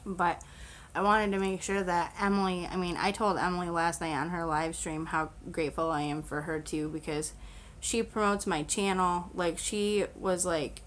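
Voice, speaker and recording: Chatty woman with a lowish voice. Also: steady tone, moderate pace, fairly bright tone, a little hiss or hum. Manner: chatty, rambling, laughs often, many fillers. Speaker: YouTuber on a live stream. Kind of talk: casual live-stream chat. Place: home room with a fan on. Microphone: selfie stick camera.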